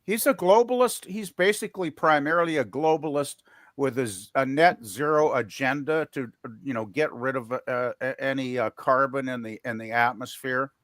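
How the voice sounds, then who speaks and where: A man's voice: mid-range voice, moderate pace, fairly bright tone, no echo. Rambling man on a dry mic. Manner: rambling, hesitant, restarts often. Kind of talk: casual chat.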